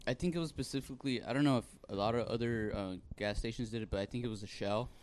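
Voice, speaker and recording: A man co-hosting a casual podcast chat, telling a story with lots of swearing. He loudly acts out the people in his stories. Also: mid-range voice, fast, a little hiss or hum. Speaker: podcast co-host.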